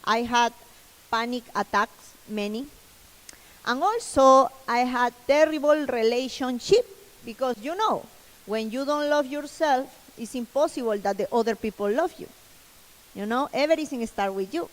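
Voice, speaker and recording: A woman with a Spanish accent, a native Spanish speaker, giving an earnest motivational keynote in halting English. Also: a little high, big-room sound, poor audio. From Latin America. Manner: earnest, repeats herself, broken English. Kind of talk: motivational stage talk. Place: large event hall.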